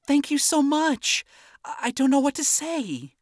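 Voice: mid-range voice, very animated, unhurried, a bit bright, no echo, clean studio sound, voice pushed up. A narrator voicing an earnest, idealistic young princess who stammers. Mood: grateful. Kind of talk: amateur audiobook reading.

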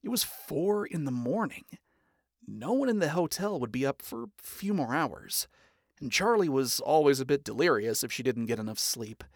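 Storyteller reading fanfic out loud, really animated, dry close sound. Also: mid-range voice, normal speed, dry recording. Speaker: narrator. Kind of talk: audiobook fan fiction reading.

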